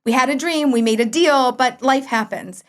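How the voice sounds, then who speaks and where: A middle-aged woman talking casually as a guest, telling a personal story and acting out her own past lines with big jumps in pitch. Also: normal speed. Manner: animated, quotes herself with big pitch jumps. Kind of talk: conversational storytelling.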